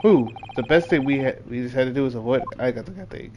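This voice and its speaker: A man's voice: mid-range voice, fast talker, hardly any pauses, highs cut off, slight background noise. A man streaming a game, talking casually in rambling, self-correcting asides between dialogue. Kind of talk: gameplay commentary while reading dialogue.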